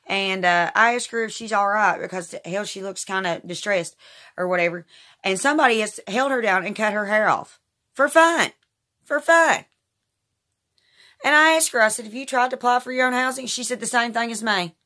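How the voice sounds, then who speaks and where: A woman talks straight to camera, repeating herself as she rambles through an indignant account. Her voice is bright and forward. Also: mid-range voice, fairly quick. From Kentucky, USA. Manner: rambling, repetitive, indignant storytelling. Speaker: vlogger. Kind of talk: casual monologue to camera.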